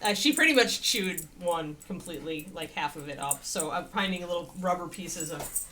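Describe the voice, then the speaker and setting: With lively intonation and a pushed, bright voice, a woman chats at normal speed on her casual miniature painting livestream. She occasionally turns to address her dog in a high sing-song, and slight background noise is audible.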